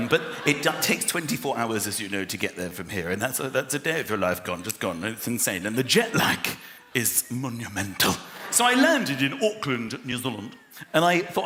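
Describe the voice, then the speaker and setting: A man's voice: medium pitch, moderate pace, background noise. A man performing stand-up comedy, telling stories animatedly and acting out characters. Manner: animated storytelling, acts out characters. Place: large theatre stage. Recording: echoey theatre with loud crowd laughter.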